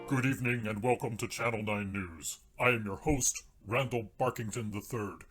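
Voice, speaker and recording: A man's voice: fairly low pitch, moderate pace, loud music behind the voice, lightly acted. A man voicing a pompous male TV news anchor with a stiff, formal newsreader delivery.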